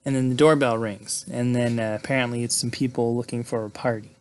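A man's voice: mid-range voice, steady tone, brisk, slight background noise. Rambling man recapping a film plot. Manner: rambling, filler-heavy, frequent "right?" and "like"; laughs between lines. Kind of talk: casual movie plot recap.

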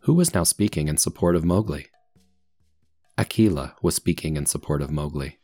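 A man reads a story aloud for English learners, slowly and deliberately, pausing for comprehension questions. His voice is very low and recorded close and dry, with no room sound. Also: warm tone, breathy edge, no echo, soft background music. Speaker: English teacher.

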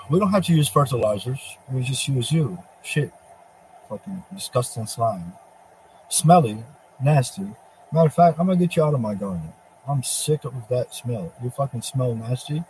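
A man's voice: medium pitch, expressive, normal speed, darkish tone, slight background noise, rough recording. A man giving a profane, mocking religious monologue, speaking as a divine figure taunting Satan. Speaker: religious preacher.

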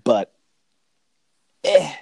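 A young man co-hosting a podcast chats casually in a very slow, mellow voice, with no room sound in the recording. He rambles and swears constantly, keeping the talk crude and profane.

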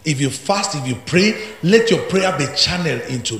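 A man preaching a sermon as pastor, swinging from hushed asides to shouted climaxes. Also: a little high, animated, moderate pace, hardly any pauses, reverberant.

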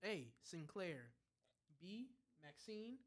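A young woman hosting a casual trivia game among friends, laughing often as she reads the questions haltingly. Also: lowish voice, big pitch swings. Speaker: trivia quiz host.

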